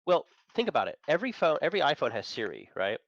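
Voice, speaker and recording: A man's voice: on the high side, huge pitch swings, fast, no echo, dull audio. A man chatting as a guest on a talk show, enthusiastic and opinionated, chuckling between points. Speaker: guest, managing editor of an entertainment and tech site. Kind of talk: casual chat.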